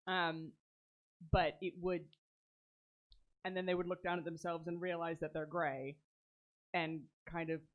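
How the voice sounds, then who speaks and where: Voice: mid-range voice, flat delivery, a little slow, long pauses. A tabletop game player thoughtfully describing a character's actions, with some hesitation. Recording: slightly dull lo-fi sound.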